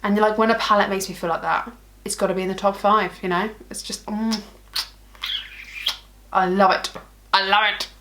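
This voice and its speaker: Bubbly woman makeup vlogger gushing over stuff, mid pitch, jokes at herself. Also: steady tone, normal speed, long pauses, pushed and bright, slight background noise. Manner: gushing, bubbly, self-mocking. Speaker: beauty vlogger. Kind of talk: casual product ranking chat.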